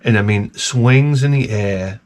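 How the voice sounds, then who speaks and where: A man hosting his own video, telling a rambling, profane story in an animated, casual way. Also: lowish voice, unhurried. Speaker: video host.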